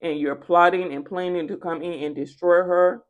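A woman's voice: lowish voice, steady tone, normal speed, phone-quality sound. A woman giving a spoken tarot reading, casual and chatty, repeating phrases for emphasis. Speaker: tarot reader.

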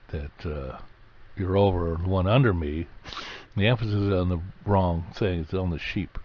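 Man, low-pitched voice, conversational sermon, plain-spoken, repeats phrases, dull lo-fi recording. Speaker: Bible teacher.

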